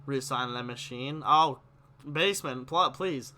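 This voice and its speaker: Young male live-stream host, excitable and opinionated, bright tense tone. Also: medium pitch, unhurried. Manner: animated, gets worked up, reads chat questions aloud. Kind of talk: casual live-stream hockey chat.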